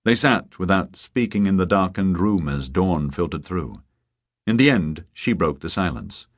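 A man narrating a thriller audiobook in a measured, even storytelling manner. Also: low voice. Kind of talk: scripted narration. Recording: dry close studio sound.

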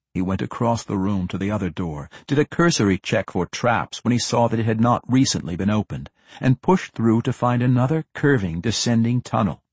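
Husky-voiced man narrating a fantasy audiobook. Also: fairly low pitch, no room sound. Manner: expressive, dramatic storytelling.

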